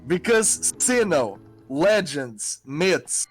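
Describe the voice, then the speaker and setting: A high-pitched man co-hosting a laid-back gaming podcast, talking in eager rushes that grow breathless when he gets excited. Soft music hums faintly under his voice. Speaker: podcast co-host. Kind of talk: casual gaming podcast chat.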